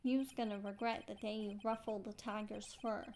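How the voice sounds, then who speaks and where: A woman voicing a hot-headed male loan-shark thug with a Brooklyn accent and rough, threatening talk. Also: medium pitch, steady tone, moderate pace, darkish tone, slight background noise, lightly acted. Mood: menacing. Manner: rough, threatening, bad grammar.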